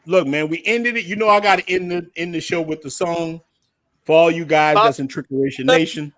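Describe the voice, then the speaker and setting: An American man hosting a livestream group chat, telling animated, slangy stories and laughing often. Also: fairly high pitch, a little fast, no echo. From United States. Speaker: livestream host.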